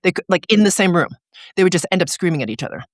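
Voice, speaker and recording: Interview guest, energy coach, mid-pitched voice, casual animated explaining, lots of "like" fillers, dry close sound. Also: racing, no echo. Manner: animated storyteller, frequent "like" fillers.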